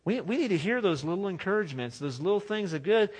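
Man, pastor, sermon, earnest conversational preaching, somewhat high-pitched. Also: expressive, quick pace, slightly rough.

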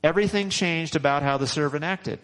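A man's voice: fairly high pitch, a little fast, fairly bright tone, rough recording. A male pastor preaches in a loose, conversational way, repeating phrases for emphasis and often restarting his sentences. His voice sits a little above the usual range for a man. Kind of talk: sermon.

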